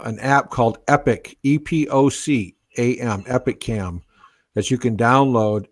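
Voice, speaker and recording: A man's voice: on the low side, a little mellow, dry recording. Man explaining tech. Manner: explains tech step by step, spells things out. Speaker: guest on a live stream. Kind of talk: casual live stream chat. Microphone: gaming laptop mic with headphones.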